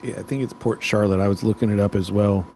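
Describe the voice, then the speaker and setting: A man co-hosting a casual livestream, making quick, friendly asides to viewers. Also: on the low side, steady tone, crowd noise. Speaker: show co-host. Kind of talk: casual chat.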